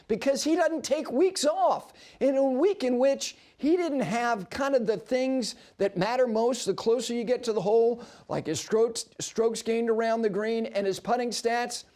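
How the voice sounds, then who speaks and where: A man hosting a golf talk show on television, telling stories and making emphatic points in a broadcast studio. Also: very high voice. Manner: animated storyteller with emphatic asides. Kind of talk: broadcast sports commentary.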